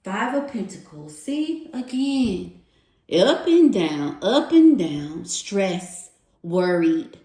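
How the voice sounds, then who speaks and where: A woman speaks in an unhurried, heartfelt way as she gives a tarot reading, repeating encouraging affirmations again and again. Her mid-range voice bounces around a reverberant room, and she never rushes a phrase. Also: mid-range voice, sing-song, warm tone. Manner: earnest, repeats affirmations over and over. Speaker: tarot reader. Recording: roomy echo.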